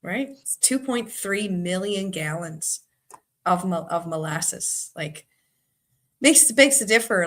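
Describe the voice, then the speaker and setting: Speaking slowly and with animation in a mid-range voice, a woman from Boston hosts a trivia live stream in her Boston accent. It's easygoing, chatty talk, and she reads viewers' comments out loud.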